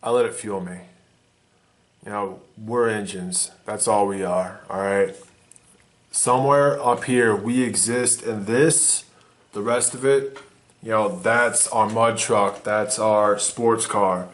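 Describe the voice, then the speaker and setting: A man's voice: fairly low pitch, steady tone, slow pace. A man giving a blunt, swearing motivational monologue to the camera as a vlogger. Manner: intense, profane, emphatic.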